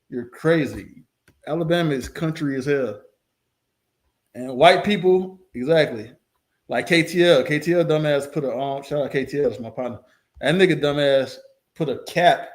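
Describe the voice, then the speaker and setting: A man's voice: on the high side, a little mellow. A man hosting a reaction video, talking bluntly and casually with plenty of profanity. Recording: roomy echo.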